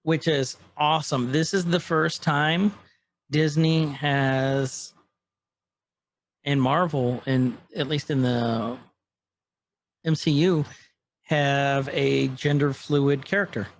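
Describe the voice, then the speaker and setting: A man's voice: fairly high pitch, slow pace, long pauses. A man co-hosting a podcast, casually recapping a show and acting out its lines as he goes. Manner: animated, acts out scene quotes in passing. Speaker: podcast co-host.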